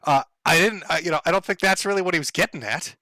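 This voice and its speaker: A man's voice: a little high, fast, pushed and bright, no room sound. Profane, rambling male streamer. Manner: rambling, profane, sarcastic, laughs often. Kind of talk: casual livestream rant.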